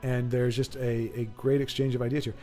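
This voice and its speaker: A man's voice: medium pitch, level tone, a little fast, mellow, faint music behind. A man hosting a livestream, chatting casually and rambling, often stopping mid-word and reading chat aloud. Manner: rambling, self-interrupting, reads chat aloud. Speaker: streamer host.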